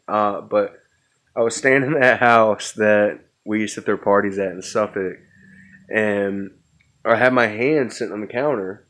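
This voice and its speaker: A man's voice: fairly low pitch, unhurried, a bit bright. A young adult man hosting a podcast, rambling profanely through a casual stoned story. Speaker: podcast host.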